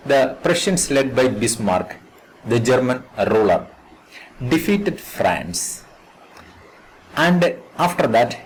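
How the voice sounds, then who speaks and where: A man's voice: medium pitch, a little hiss or hum, poor audio. A man with an Indian English accent, teaching an English lesson to students and repeating key words as he explains the text. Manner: slow, repetitive explanation, restating words several times.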